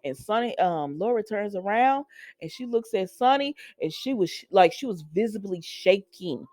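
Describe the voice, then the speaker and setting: A woman's voice: mid-range voice, lively intonation, moderate pace, darkish tone, no room sound. A woman recapping a soap opera episode in a casual, chatty way, making asides to her viewers.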